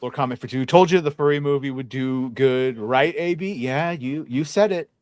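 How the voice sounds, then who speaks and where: A man's voice: mid-range voice, moderate pace, a little mellow, dry recording. A man on a film-talk panel who reads out viewer comments in a joking, playful way. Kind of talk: casual panel chat.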